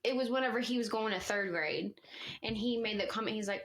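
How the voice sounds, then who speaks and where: A woman co-hosting a podcast in casual chat, telling stories in an animated, giggly way. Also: mid-range voice, a little fast, a little hiss or hum. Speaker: podcast co-host.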